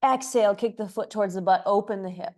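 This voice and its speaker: A woman's voice: mid-range voice, quick pace, dark tone. Playful woman leading a yoga class. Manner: playful, chatty, jokey asides. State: slightly out of breath. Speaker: yoga instructor. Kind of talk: guided yoga class cues. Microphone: clip-on mic, sometimes moved off.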